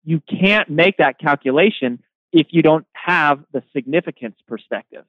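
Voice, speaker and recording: A man's voice: fairly high pitch, normal speed, no echo. A man, an author and guest, explaining his ideas in an interview and telling stories with energy, often repeating words as he starts. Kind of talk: interview answers. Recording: phone-like remote line.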